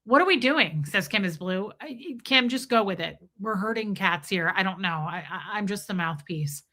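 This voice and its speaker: Bright and a little pushed, this mid-range female voice moves at a moderate pace. She's a chatty livestream host who reads the chat aloud and giggles often.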